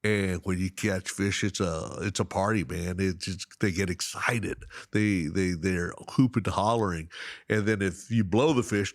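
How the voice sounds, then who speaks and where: A middle-aged man telling fishing stories as a podcast guest, excitable and quick to laugh, swinging between loud high exclamations and quiet asides. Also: no room sound. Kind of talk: animated storytelling in casual chat.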